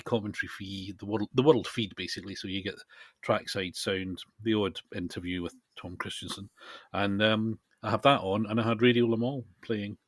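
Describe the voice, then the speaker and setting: A middle-aged man co-hosting a casual podcast chat, telling stories with animated enthusiasm and frequent laughter. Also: lowish voice, no echo. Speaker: podcast co-host.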